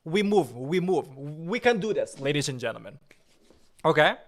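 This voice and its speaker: Male livestream host, slightly high voice, chatty, reads out chat, gets annoyed then cools down. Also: normal speed. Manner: irritable, then forces himself calm and joking.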